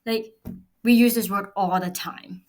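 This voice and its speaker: A woman's voice: mid-range voice, fairly even intonation, a little slow, a little mellow. A woman explaining a recorded language lesson patiently, step by step. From United States. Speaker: Chinese language teacher.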